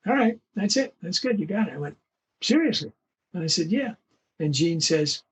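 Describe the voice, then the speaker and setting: An older male voice actor telling animated anecdotes in an interview, acting out the voices of the people he quotes. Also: a little high, breathy edge. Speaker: guest voice actor. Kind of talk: storytelling interview.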